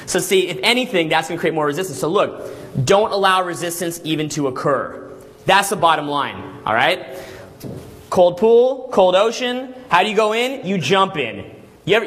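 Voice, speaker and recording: A man coaching a live seminar in a hotel room, animated and laughing often as he acts out voices. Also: sits high, normal speed. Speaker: dating coach running seminars.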